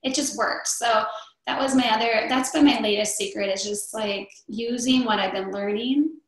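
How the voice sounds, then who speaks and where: A woman's voice: on the high side, moderate pace. Chatty middle-aged woman in an echoey room. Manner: chatty, rambling with many fillers and restarts. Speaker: interview guest. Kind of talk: casual chat.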